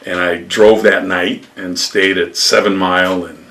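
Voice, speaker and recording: Low-voiced older man telling stories. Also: measured pace, far from the mic, a little hiss or hum. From upstate New York. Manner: rambling, animated anecdotes with acted quotes. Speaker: retired lacrosse coach, interviewee. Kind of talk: storytelling interview.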